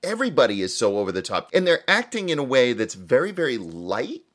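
A man's voice: medium pitch, fast. A man co-hosting a podcast, chatting casually about a movie, laughing often and acting out scenes. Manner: animated, laughs often, acts out quotes from scenes. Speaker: podcast co-host reviewing a film. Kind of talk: casual chat.

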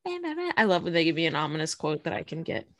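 A woman's voice: low voice, very animated, a little fast, fairly bright tone. A young woman co-hosting a casual podcast, recapping an episode from her notes and laughing often. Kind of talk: casual chat.

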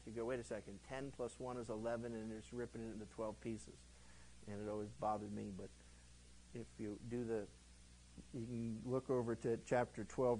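A man's voice: mid-range voice, rough recording. Conversational man teaching the Bible. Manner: conversational, animated, acts out quotes. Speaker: pastor.

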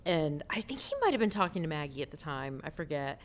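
A woman co-hosting a podcast in casual chat, giggly and animated, laughing often. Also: low voice, fast, slight background noise. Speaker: podcast co-host.

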